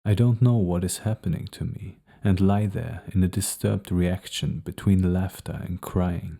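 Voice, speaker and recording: A man reads a first-person novel aloud at a steady, measured pace. His voice is very low and gravelly, with a dark, mellow tone. It sounds like a calm audiobook reading. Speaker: audiobook narrator.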